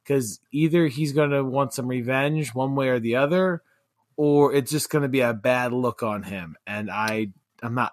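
A man's voice: mid-range voice, no echo, studio quality. A man co-hosting a podcast, chatting casually about a film with rambling, joking remarks and many restarts. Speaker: podcast co-host. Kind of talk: casual film review chat.

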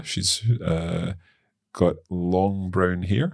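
Husky low-voiced male lesson host. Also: big pitch swings, no echo, studio quality. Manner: working slowly through foreign phrases, hesitant fillers. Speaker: podcast host and learner. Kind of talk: language lesson podcast.

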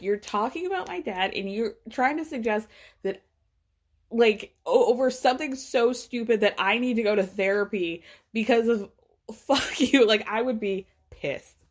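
A young adult woman hosting a podcast, recapping a reality show in casual, animated chat, swearing freely and mimicking the people she talks about. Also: on the high side. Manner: animated, swears freely, mimics cast members in quick asides.

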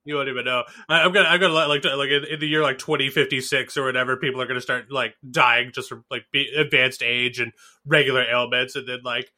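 Fast, sardonic man from the South. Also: medium pitch, steady tone, sharp tone. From Southern United States. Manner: joking, sardonic, profane. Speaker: podcast co-host. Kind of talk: casual chat.

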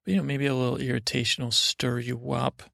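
Middle-aged man, deeply gravelly, monotone, dry close sound, meandering bedtime rambling. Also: dry recording. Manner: meandering, trailing off with many fillers and restarts; slow and unhurried. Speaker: podcast host.

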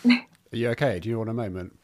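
A man hosting a podcast interview over a video call, asking gentle, supportive questions. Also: medium pitch, lively intonation, brisk. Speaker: podcast host. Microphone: remote video call.

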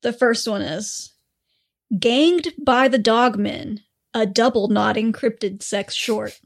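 A woman's voice: on the high side, slow pace, creaky. A woman co-hosting a podcast in a chatty, rambling way, swearing freely. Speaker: podcast co-host. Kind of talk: casual chat.

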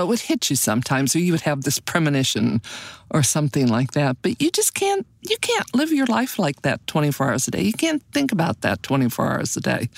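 An older woman, a detective's wife, telling personal memories with lively leaps in pitch. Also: no room sound. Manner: animated, pitch leaps on emphasis. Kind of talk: personal recollection.

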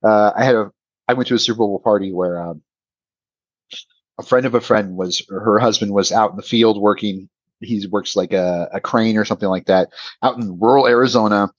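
A man's voice: lowish voice, normal speed, no room sound, dull audio. A man hosting a podcast in casual chat, telling stories in a chatty way and often laughing. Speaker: podcast host.

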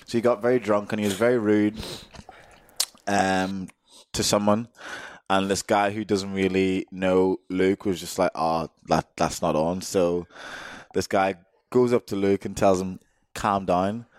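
A man's voice: low voice, steady tone, unhurried, a little mellow, clean tone, dry recording. A young man co-hosting a podcast, telling stories in casual chat and laughing often. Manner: laughing storyteller. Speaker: podcast co-host.

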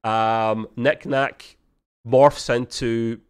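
A man co-hosting a casual review podcast, rambling with many ums and acting out quotes in high voices. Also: steady tone, drawn-out words, clear, resonant tone. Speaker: podcast co-host.

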